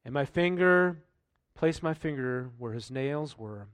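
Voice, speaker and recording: A man's voice: medium pitch, animated, measured pace, clear, resonant tone, no echo. Man preaching in a dry room. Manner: reads scripture then comments conversationally, rhetorical questions. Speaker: pastor. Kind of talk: sermon.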